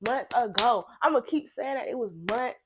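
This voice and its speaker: A young woman telling a messy personal story to camera, animated and blunt, swearing freely and repeating phrases for emphasis. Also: a little high, moderate pace, noisy background. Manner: animated, blunt and heavily profane, with laughing asides. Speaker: storytime vlogger. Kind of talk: casual storytime monologue.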